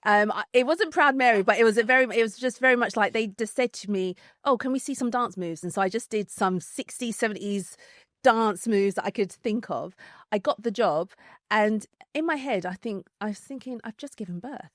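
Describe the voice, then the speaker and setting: A woman with a London accent, a podcast guest telling a story in casual chat, animated, laughing often, with many fillers and restarts. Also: medium pitch, normal speed, no echo, clean studio sound.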